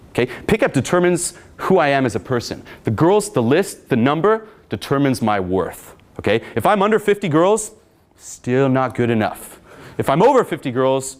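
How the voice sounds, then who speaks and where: A young man coaching in a loose, swaggering way. His pitch swings a lot as he talks, and he swears freely. He sounds brash and animated. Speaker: dating coach. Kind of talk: casual coaching talk.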